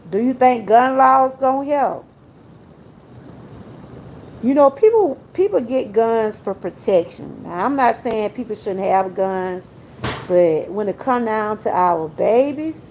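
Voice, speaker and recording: A woman's voice: fairly high pitch, creaky, a little mellow, slight background noise. An older woman, hosting a casual livestream, chatty and laughing often as she talks straight to her viewers. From Georgia, US. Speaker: livestream host.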